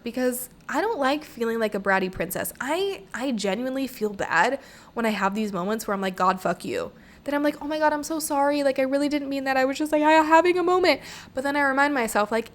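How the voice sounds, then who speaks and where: A young adult woman hosting her own podcast, talking candidly and emphatically, swearing freely and voicing her own inner thoughts. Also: medium pitch. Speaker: podcast host. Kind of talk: candid solo podcast monologue.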